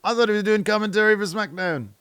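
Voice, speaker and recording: A man putting on an impression of an excitable male online gamer, squealing his exclamations in a high voice. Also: quick pace, clean tone, dry recording. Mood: shocked.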